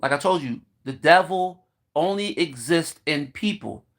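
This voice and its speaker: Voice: medium pitch, lively intonation, measured pace, a bit bright. A vlogger delivering a heated, profane monologue, swearing constantly and acting out what people said.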